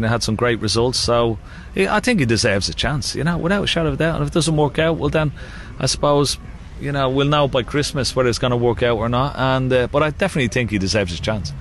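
A man's voice: medium pitch, a bit bright, slight background noise. A man with an Irish accent, a guest chatting casually in a radio interview, laughing often and using many fillers. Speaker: guest, former sports champion.

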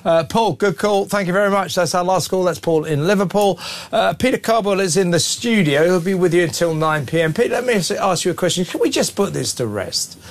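A man's voice: high voice, expressive, fairly quick, few pauses. A man hosting a phone-in talk radio show, blunt and scornful, often cutting in on callers.

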